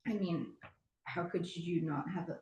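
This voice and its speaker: A woman in a class reading passages aloud and asking questions, steady when reading and hesitant when asking. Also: lowish voice, a little slow, reverberant, a little hiss or hum, rough recording.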